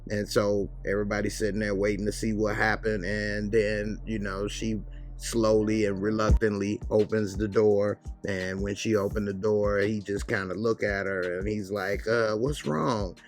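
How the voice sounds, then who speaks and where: Low-voiced man casually recapping a show. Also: completely flat delivery, faint music behind. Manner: loose, conversational retelling with quick acted quotes. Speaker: TV show reviewer.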